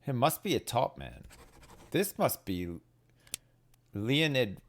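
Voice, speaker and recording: A British man streams a game slowly, muttering and reasoning aloud as he plays, his pitch swinging widely. Faint game music can be heard in the background.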